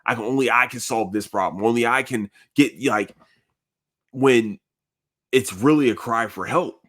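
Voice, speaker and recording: A man's voice: medium pitch, measured pace, a bit bright. A man hosting a podcast in casual chat, earnest and rambling, full of slang and swearing. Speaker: podcast host.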